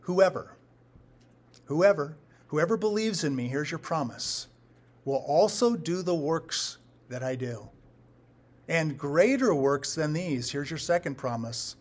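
A man preaching a sermon as a pastor, emphatic and repetitive, with his loudness rising and falling to stress his points. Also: mid-range voice, a little hiss or hum. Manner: emphatic, rises and drops in volume for stress, repeats phrases.

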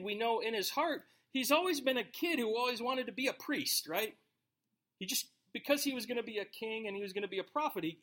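A man with a notably high voice leads a sermon, moving between reading scripture aloud and explaining it in a loose, conversational way. His delivery is animated and informal, like a pastor talking with his congregation. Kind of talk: expository sermon.

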